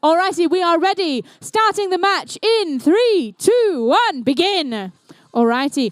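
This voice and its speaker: High-voiced playful woman commentator. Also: lively intonation, measured pace, no room sound. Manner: playful, jokey banter with the crowd. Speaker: event commentator and emcee. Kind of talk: live event commentary. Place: indoor competition venue.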